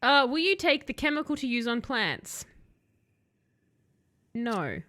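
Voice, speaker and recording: Speaking slowly with big swings in pitch, this young woman streamer has a somewhat high, slightly bright voice. Her let's-play commentary is chatty and sarcastic, aimed at the game character and her chat alike.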